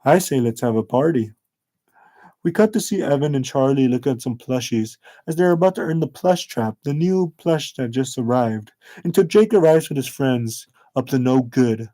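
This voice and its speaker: Guy reading out a fan story, mellow dark voice, kinda halting. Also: medium pitch, animated.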